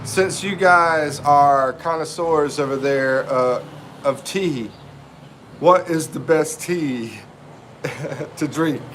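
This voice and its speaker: A man's voice: fairly high pitch, takes it slowly, fairly bright tone, slight background noise. A middle-aged man from North Carolina, hosting a casual live stream and greeting viewers by name in a laid-back, chatty way.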